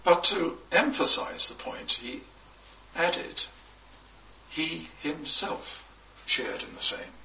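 A man preaching a sermon, slow and emphatic, with measured pauses between phrases. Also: a little high, big pitch swings, gravelly, pushed and bright. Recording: echoey, distant, dull recording.

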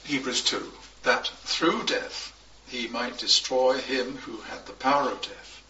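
A man preaching a sermon, slow and emphatic, with measured pauses between phrases. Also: mid-range voice, pushed and bright, a little hiss or hum. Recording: echoey, distant, dull recording.

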